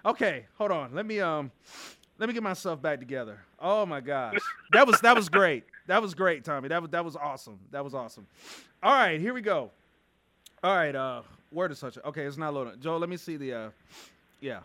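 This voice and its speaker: A man's voice: on the high side, animated, brisk, bright, forceful tone. A man hosting a radio show interview in an enthusiastic, hyped manner.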